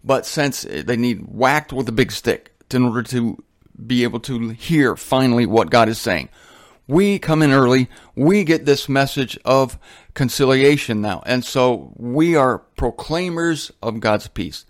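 A man's voice: mid-range voice, animated, unhurried. A man preaching a sermon in a blunt, colloquial and emphatic way.

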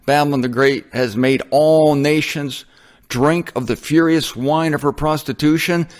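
A man's voice: a little high, steady tone, unhurried. A man giving an informal, chatty Bible teaching to listeners he calls folks, correcting himself with a wry, self-mocking humor.

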